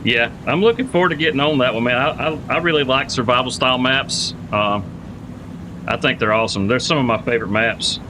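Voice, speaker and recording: Against a noisy background, this mid-range male voice moves fairly quickly. He's streaming a farming game live, chatting loosely with his audience, calling out viewers by name, and thinking aloud with lots of repetition.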